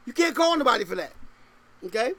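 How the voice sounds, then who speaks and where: Fast and very high, a male pastor's voice comes through with no room sound. He reads scripture in old-style English and then, animated, fires off rhetorical questions in casual slang, laughing between points.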